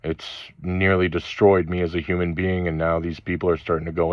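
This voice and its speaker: A man with a low, heavy voice rants through a rambling spiritual monologue, swearing angrily and stopping between phrases. The recording is dull and lo-fi, with no room sound. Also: flat delivery, no echo. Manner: angry, profane ranting with halting pauses. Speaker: channel host.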